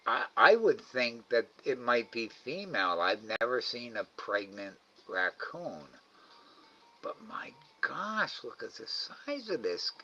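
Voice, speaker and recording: A man's voice: medium pitch, sing-song, slow, bright, forceful tone, highs cut off, faint music behind. A man hosting a live animal camera stream from indoors at night by a window. He coaxes an animal in a raised sing-song voice and mutters to himself between calls. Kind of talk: casual live-stream commentary.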